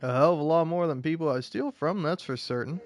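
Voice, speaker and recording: A man's voice: a little high, fairly quick, soft background music. An American man giving rambling, jokey commentary while playing a game, stammering now and then as he talks. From United States. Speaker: gaming streamer. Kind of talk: casual gameplay commentary.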